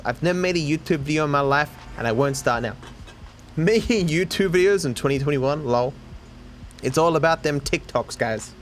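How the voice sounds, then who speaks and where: A man's voice: on the high side, fairly bright tone, a little hiss or hum. A man streaming a game, joking at his own expense, swearing freely and talking to his chat. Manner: joking, profane, self-deprecating, talks to chat. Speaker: gaming streamer. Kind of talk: livestream gameplay commentary.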